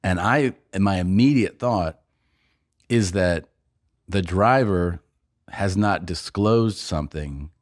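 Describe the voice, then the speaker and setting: A man's voice: sits low, slow, dry recording, clean studio sound. A man on a podcast, casually telling a long story, acting out other people's lines and laughing often. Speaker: podcast co-host and comedian.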